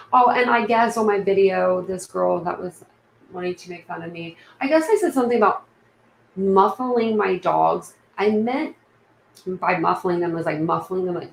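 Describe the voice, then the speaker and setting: A woman's voice: lowish voice, creaky, reverberant, a little hiss or hum, poor audio. A woman with a Southern accent hosting a casual livestream from home, rambling and chatty with lots of fillers. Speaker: livestream host. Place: room at home.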